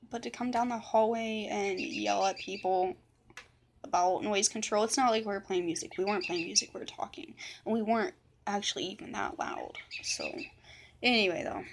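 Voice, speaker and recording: A young woman tells a personal story straight to the camera in a loose, rambling way. Her voice has a gravelly, fried edge, and she swears freely and leans on filler words. She drops into a whisper when she quotes other people. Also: mid-range voice, fairly even intonation, brisk, a little hiss or hum. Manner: rambling, profane, full of fillers. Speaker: vlogger. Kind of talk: casual storytime monologue.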